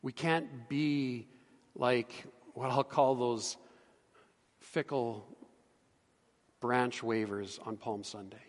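A middle-aged man, a pastor, preaching a sermon with earnest emphasis that drops to hushed tones. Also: medium pitch, steady tone, very slow, long pauses, long reverb tail. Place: church sanctuary.

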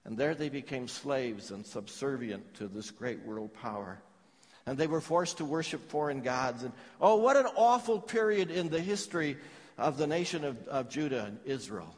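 A middle-aged man preaching a sermon, swinging from loud declarations to hushed, heavy phrases. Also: mid-range voice, in a large hall. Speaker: pastor.

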